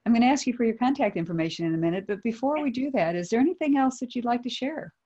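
Husky, mellow woman host on a dull line. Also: a little high, expressive, very fast. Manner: warm encouraging listener with short backchannels. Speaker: interview host. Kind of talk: conversational interview.

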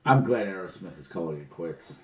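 A man's voice: deep voice, lively intonation, a little fast, reverberant, dull audio. A man co-hosting a podcast, chatting casually with brief, dry replies. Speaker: podcast co-host. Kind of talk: casual chat.

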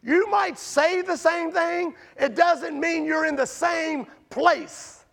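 A man preaching a sermon in a conversational way, asking his listeners questions, swinging from shouted peaks down to quiet, low passages. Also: takes it slowly, creaky. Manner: conversational, asks the congregation questions. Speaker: pastor.

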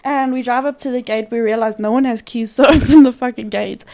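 A woman with a high voice tells a chaotic family story as a podcast co-host. Her talk is loose and animated, swearing freely and laughing as she goes. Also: a little fast. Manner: profane, animated, laughs often. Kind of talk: casual storytelling.

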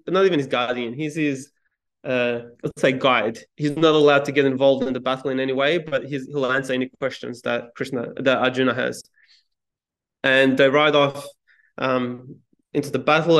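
A man being interviewed as a guest, telling a story in a calm, measured way with small restarts. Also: medium pitch. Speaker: podcast guest, speaking coach. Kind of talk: reflective interview talk.

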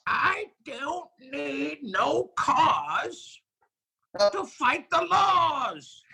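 A man putting on the voice of an old grandmother for an improv comedy game, with a creaky, quavering sound. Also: very high-pitched, sing-song, extremely slow, sharp tone, heavily acted, rough recording. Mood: preachy.

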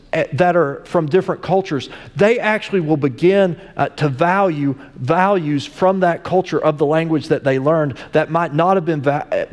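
A man's voice: on the high side, darkish tone, big-room sound. A male pastor giving a conversational sermon, telling stories with frequent restarts.

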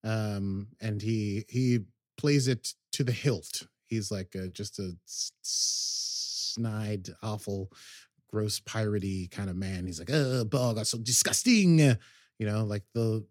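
A man's voice: fairly low pitch, fairly even intonation, slow, a little mellow, dry recording. Man rambling through a recap, dry. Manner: rambling, hesitant, many ums and restarts. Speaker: podcast host. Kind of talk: casual episode recap.

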